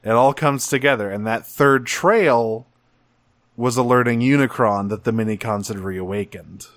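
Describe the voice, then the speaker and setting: A man's voice: medium pitch, moderate pace, fairly bright tone, dry recording. Dry-sounding man in casual chat. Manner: enthusiastic, rambling, swears casually. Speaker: podcast co-host.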